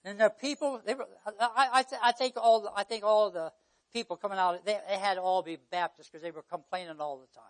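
Southern pastor, man, very high voice, sermon delivery with loud bursts and hushed asides. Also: steady tone, brisk. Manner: preaching with surges to near-shouting and drops to a hush.

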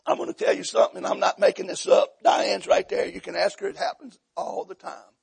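A man preaching a sermon, telling folksy humorous stories and acting out voices, rising to loud shouts. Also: high voice, big pitch swings, brisk. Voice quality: gravelly, husky. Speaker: pastor.

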